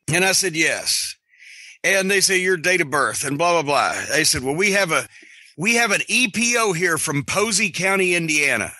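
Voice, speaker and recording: Bright, high-voiced man telling a story. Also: moderate pace, no echo. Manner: animated, profane, sarcastic storyteller. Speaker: podcast host. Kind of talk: casual storytelling on a podcast.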